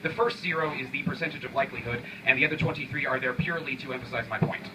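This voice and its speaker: A young man performing an intense, rhythmic spoken word poem at a coffee shop open mic, swinging from quiet lines to sudden shouts. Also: mid-range voice, very fast, far from the mic, noisy background.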